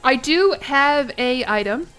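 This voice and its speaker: A woman streamer chatting casually with her chat while playing a game, with giggly asides and thinking out loud. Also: high-pitched, animated, takes it slowly, clear, resonant tone, soft background music.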